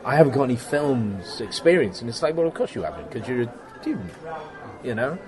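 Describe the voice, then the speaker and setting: A middle-aged man in a casual interview, telling stories about his workshop in an animated way and acting out the exchanges he quotes, laughing often. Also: medium pitch, brisk, a crowd in the background. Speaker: guest, special effects workshop owner.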